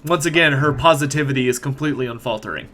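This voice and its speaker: A man's voice: mid-range voice, quick pace, bright, forceful tone. A man narrating a tabletop game as game master, describing actions in the second person.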